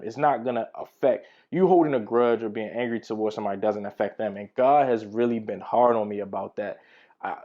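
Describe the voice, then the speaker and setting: A man's voice: lowish voice, a little mellow. Slangy male Bible teacher, lo-fi. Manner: conversational, slangy storytelling. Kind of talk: casual teaching talk with personal stories.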